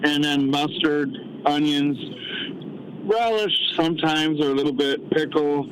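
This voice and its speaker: A man's voice: a little high, measured pace. A man calling into a radio show while driving, rambling in casual talk. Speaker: caller. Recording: phone call from a car. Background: car noise.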